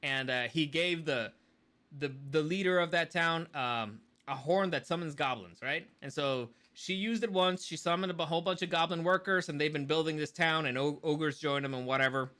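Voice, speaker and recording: A man co-hosting a podcast who rants in casual chat and swears freely. His voice sits high, with a bright, forceful edge. He sounds fired up as he picks things apart. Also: moderate pace. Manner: animated ranting, swears a lot. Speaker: podcast co-host.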